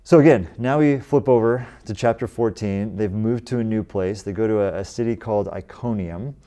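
A pastor in his forties from the United States delivers a sermon in a conversational way, his voice rising with emphasis whenever he quotes scripture. His voice sits on the low side, with a dark tone and a normal speaking speed.

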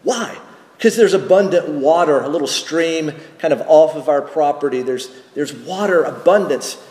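A man, a pastor, preaching a sermon slowly and deliberately, with rhetorical questions and small restarts. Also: fairly high pitch, darkish tone. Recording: echoey church hall with long reverb.

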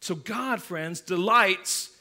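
A man preaching a sermon, animated, acting out the disciples' voices as he reads the passage. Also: high voice, slow. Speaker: pastor.

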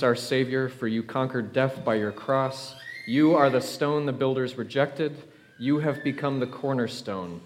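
A male pastor leading his congregation in a solemn, measured prayer in a church. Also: medium pitch. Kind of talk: sermon and prayer. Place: church sanctuary.

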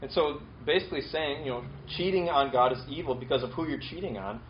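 A man's voice: a little high, fast. Guy preaching, chatty, keeps repeating his main point, kinda dull lo-fi recording with faint noise. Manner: repeats key points, casual fillers and restarts. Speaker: pastor. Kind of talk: conversational sermon.

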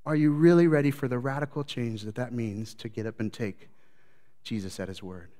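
A male pastor preaching to his congregation, his voice carrying a long reverb tail through the sanctuary. He moves between bursts of loud, animated storytelling and low, quiet, reflective passages. His pitch sits in an ordinary middle range. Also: brisk. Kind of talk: sermon. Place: church sanctuary.

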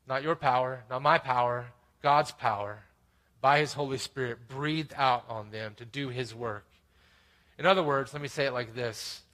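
Bright-voiced preaching man. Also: mid-range voice, normal speed. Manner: preaching with rising emphatic peaks and quiet asides. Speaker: pastor. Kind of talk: sermon.

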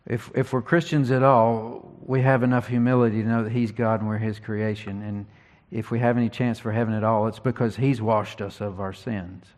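A man preaching an expository sermon, teaching earnestly and reading scripture slowly with emphasis. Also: on the low side, flat delivery, darkish tone.

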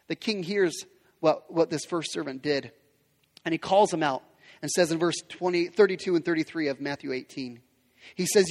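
A man's voice: high-pitched, lively intonation, normal speed, long reverb tail. A man preaching a sermon in an earnest style, repeating phrases and restarting lines as he builds his point. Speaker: pastor.

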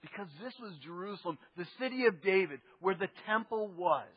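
High, husky-voiced man preaching a sermon. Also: a little fast. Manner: animated storytelling, swinging between loud bursts and near-murmurs. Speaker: pastor. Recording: dull lo-fi sound with long hall reverb.

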